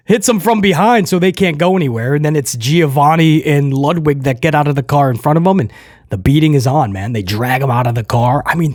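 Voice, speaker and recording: A man reviewing a wrestling show in casual commentary, animated, laughing often and addressing viewers directly. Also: a little high, no echo, studio quality.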